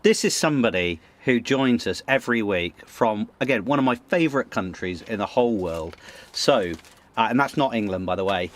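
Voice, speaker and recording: A man's voice: on the low side, animated, moderate pace, slight background noise. A man presenting a raffle draw on a live show, building it up in a playful, mock-formal way. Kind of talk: casual live-show segment.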